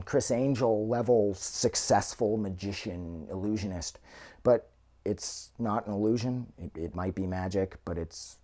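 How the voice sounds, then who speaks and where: Dude rambling thru a movie review, swears a ton, kinda mellow dark voice. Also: male voice, mid-range voice. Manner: rambling and heavily profane; loose, with many fillers and trailing restarts. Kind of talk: casual spoken movie review.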